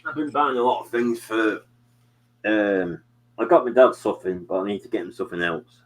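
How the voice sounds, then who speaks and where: On a live stream, this British host speaks at normal speed in a lowish voice, chatting casually and rambling with plenty of fillers like "you know what I mean." The recording is rough.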